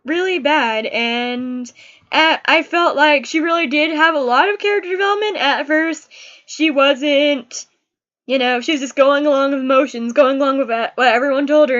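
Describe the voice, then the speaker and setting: A woman's voice: high voice, moderate pace, fairly bright tone, muffled recording. A young woman giving a casual, emotional book review, gushing about the characters she loved and hated.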